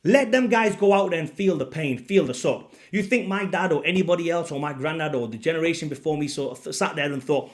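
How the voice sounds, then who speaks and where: A young man coaching fitness rants straight to camera, his voice sitting a little high. He is blunt and exasperated, slipping into low muttered asides before bursting out loud again. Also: fairly quick, hardly any pauses. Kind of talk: impassioned rant to camera.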